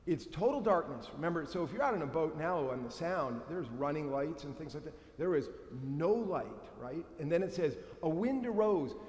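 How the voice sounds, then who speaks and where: A priest giving a playful sermon, acting out the quoted lines with sudden jumps in voice. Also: male voice, fairly high pitch, a little fast, few pauses, a little mellow. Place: church sanctuary. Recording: echoey church with long reverb.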